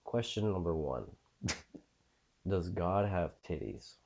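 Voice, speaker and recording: A man's voice: low-pitched, animated, slow pace, a little mellow. A man co-hosting a comedy podcast in casual chat, joking, crude and teasing. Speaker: podcast co-host.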